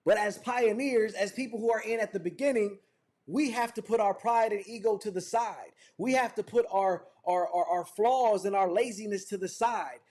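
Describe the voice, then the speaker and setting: A man's voice: sits high, moderate pace, a little mellow. A man leading a motivational sales training over a video call, talking in fervent, repetitive build-ups like a preacher. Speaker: business trainer.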